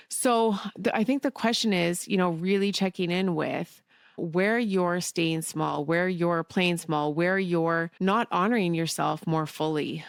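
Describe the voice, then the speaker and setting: A woman's voice: fairly low pitch, gravelly, no room sound, studio quality. A woman hosting a solo podcast, talking candidly, swearing casually and laughing often. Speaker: podcast host.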